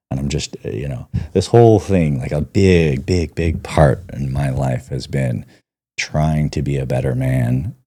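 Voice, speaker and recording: A man in his thirties, a podcast guest, telling personal stories in a casual, animated way and acting out the quotes. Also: a bass voice, creaky, slightly rough. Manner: animated storyteller, acts out quotes. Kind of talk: casual storytelling.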